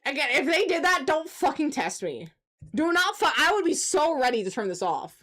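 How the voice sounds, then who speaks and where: Ranting woman streamer in her forties, high voice. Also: moderate pace. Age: 40s. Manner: ranting, profane, animated outbursts. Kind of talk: casual gaming stream chat.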